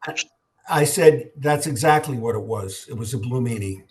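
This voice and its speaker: An older man, a guest, telling a personal story in a halting way with repeated words and many pauses. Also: medium pitch, a little mellow. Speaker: guest, record company executive. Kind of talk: conversational storytelling.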